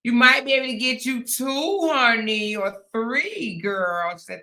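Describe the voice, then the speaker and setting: A woman's voice: a little high, unhurried, sharp tone. A woman in her fifties hosting a casual livestream, reading viewer comments aloud, laughing and fighting the hiccups, calling her viewers honey and girl. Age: 50s. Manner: laughing, drawling Southern-Black-style endearments like honey and girl. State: has the hiccups. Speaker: livestream host.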